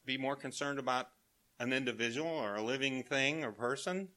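An older man with grandchildren, preaching a sermon in a folksy way, telling family anecdotes and chuckling as he quotes children softly. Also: medium pitch, moderate pace.

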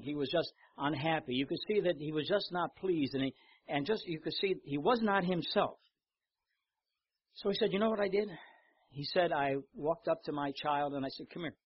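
Older husky man preaching a sermon. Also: a little high, no room sound, lo-fi sound. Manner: storytelling, animated in anecdotes, repeats words. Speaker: pastor.

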